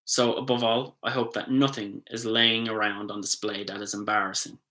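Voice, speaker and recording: Author reading his novel live, bright tone, casual, self-correcting slips. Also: on the low side, level tone, normal speed, rough recording.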